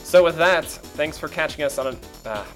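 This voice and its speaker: A man's voice: a little high, lively intonation, moderate pace, a bit bright, soft background music. A man hosting a podcast in casual chat, joking, laughing often and mimicking others in quotes. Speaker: podcast host.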